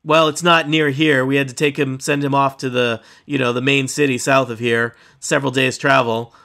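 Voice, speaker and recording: A man voicing a gruff, weary small-town woman sheriff, drawling and world-weary. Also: mid-range voice, flat delivery, normal speed, bright, forceful tone.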